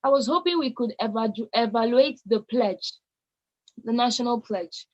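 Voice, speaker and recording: High-voiced Nigerian woman exhorting youth. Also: normal speed, highs cut off. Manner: emphatic, exhorting, repeats key words for stress. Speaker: conference speaker addressing young people. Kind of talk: motivational talk.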